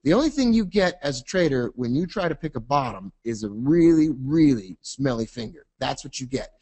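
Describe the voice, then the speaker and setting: A man hosting a recorded trading webinar, moving quickly through his screen. He's casual and jokey and tends to wander into self-mocking tangents. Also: mid-range voice, sing-song, dark tone, husky. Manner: jokey, self-deprecating, rambling asides. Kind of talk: fast casual screen-share presentation.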